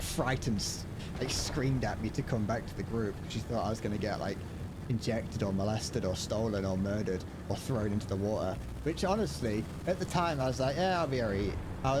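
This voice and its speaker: A man's voice: fairly low pitch, noisy background. A young British man chatting casually while gaming on a live stream, rambling and self-deprecating, swearing now and then and tripping over restarts.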